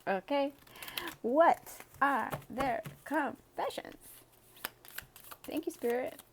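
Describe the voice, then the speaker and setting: A woman's voice: sits high, slow. Chatty woman doing a tarot reading, sighs n laughs a lot, bit of faint noise. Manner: chatty, sighs and laughs often, reads cards aloud. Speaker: tarot reader.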